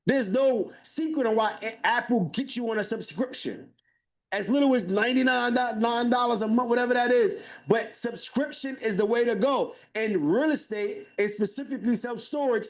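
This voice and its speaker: A man with a fairly high voice runs a live webinar sales pitch. He gets hyped as he goes, calls out to the people in the chat, and repeats his phrases to drive a point home. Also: brisk. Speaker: webinar presenter.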